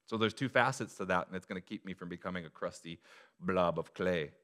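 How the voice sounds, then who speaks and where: A male pastor preaching a sermon to his church, moving from quiet reflection to loud, emphatic appeals. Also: low voice, brisk.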